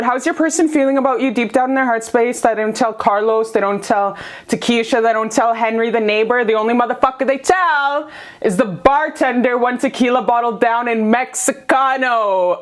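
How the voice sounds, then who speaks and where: Bubbly gushing woman tarot reader. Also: fairly high pitch. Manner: gushing, bubbly, swears freely, laughs often. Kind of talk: casual tarot reading to camera.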